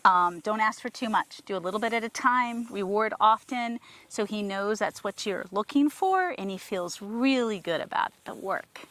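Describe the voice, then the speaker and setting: Horse trainer lady chatting to camera, pretty animated and bouncy, lots of soft praise for the horse. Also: mid-range voice, normal speed, few pauses, no echo. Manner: coaxing praise to the horse, enthusiastic explanations to viewers. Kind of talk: casual training vlog talking to camera and horse. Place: outdoors with a horse.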